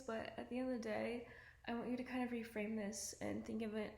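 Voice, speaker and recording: A woman's voice: on the high side, flat delivery, moderate pace, vocal fry, fairly bright tone. Chatty woman in an echoey room. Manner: earnest and chatty, full of "like" and "um". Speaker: self-improvement vlogger. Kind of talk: casual advice monologue to camera. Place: at home indoors. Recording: echoey room with faint ambient noise.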